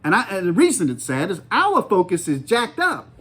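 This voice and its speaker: A man, hosting a faith talk show in a folksy, animated way, laughing often as he talks. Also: high voice, normal speed, breathy edge. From United States. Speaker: podcast host. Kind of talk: casual faith commentary.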